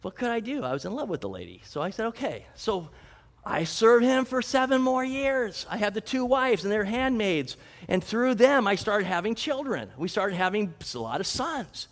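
A man's voice: sits high, very animated, moderate pace, a bit bright. A man telling a Bible story dramatically in the first person as its hero, conversational, with humorous asides. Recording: reverberant hall.

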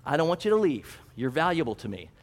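A scheming male uncle bargains in a persuasive, wheedling tone, voiced by a man. His voice sits a little lower than the teller's own. The sound carries a long hall reverb. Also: very animated, fast. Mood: coaxing.

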